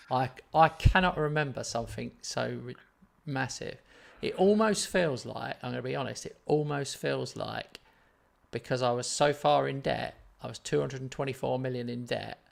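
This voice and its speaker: Gravelly man streaming a game. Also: medium pitch, moderate pace. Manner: banter-filled, animated, teasing. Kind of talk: casual gaming chat.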